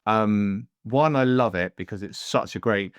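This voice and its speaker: A man's voice: on the low side, unhurried, clear, resonant tone, no room sound. A man hosting a podcast in casual chat, rambling and jokey, often slipping into voices while telling stories, recorded close on a studio mic. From Devon, England. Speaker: podcast host. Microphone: headphones and studio mic.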